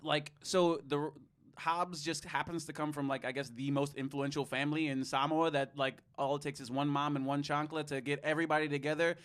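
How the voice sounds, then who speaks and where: Bright, sarcastic man riffing on a movie. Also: fairly high pitch, little pitch movement, a little fast, smooth. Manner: laughing, sarcastic, swears freely. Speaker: podcast co-host. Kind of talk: casual movie review chat.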